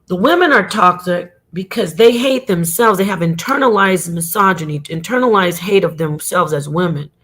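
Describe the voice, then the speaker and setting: A woman's voice: fairly low pitch, a bit bright. A middle-aged woman giving a heated, profane monologue as a regular on an online show, emphatic and repetitive.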